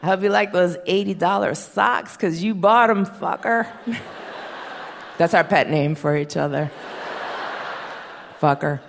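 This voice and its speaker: A woman in her thirties doing a profane, deadpan stand-up set, acting out quotes in her stories. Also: fairly low pitch, measured pace, creaky, pauses often, a little hiss or hum. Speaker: stand-up comedian. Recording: long reverb of a performance hall.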